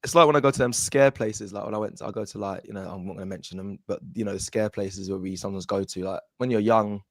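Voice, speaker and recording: A man co-hosting a casual live stream, laid-back and quick, stumbling over restarts. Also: lowish voice, dry recording, studio quality. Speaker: co-host.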